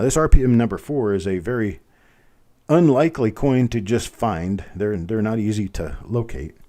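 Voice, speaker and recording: Chatting with bidders and calling out bids repeatedly, a man hosts a live online coin auction. His voice is mellow and fairly low in pitch.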